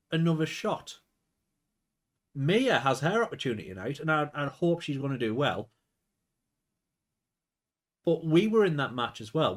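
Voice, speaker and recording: A man reading the lines of a brash young woman wrestler in his own voice, with no accent, pitched somewhat higher.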